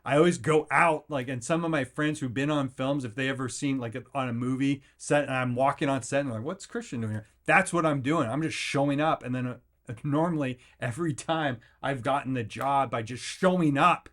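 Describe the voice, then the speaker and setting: A man's voice: mid-range voice, fairly quick. Rambling, fired-up male podcast host. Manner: energetic, rambling, acts out quotes in jumpy voices; filler-heavy, with frequent restarts. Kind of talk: motivational rant.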